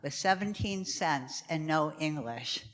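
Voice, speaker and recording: A woman's voice: low voice, animated, unhurried. A woman speaking reflectively from a distance at a service.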